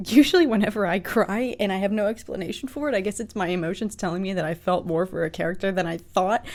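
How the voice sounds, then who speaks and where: A woman's voice: medium pitch, fast talker, hardly any pauses, a little mellow. A woman giving casual reaction commentary to a TV episode, emotional and talking straight to her viewers. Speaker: TV reaction vlogger.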